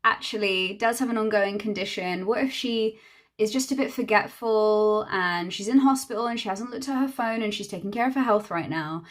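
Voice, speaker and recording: A woman's voice: mid-range voice, moderate pace. A young woman, a hairstylist, telling a chatty, exasperated storytime while doing her makeup, acting out the other people's lines. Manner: chatty, exasperated, acts out quoted dialogue.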